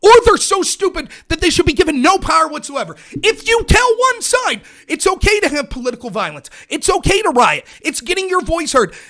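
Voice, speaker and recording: An American man hosting a livestream, delivering an angry, profane political rant that often breaks into shouting. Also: very high-pitched, sing-song, brisk, few pauses. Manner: furious, profane, shouting at viewers.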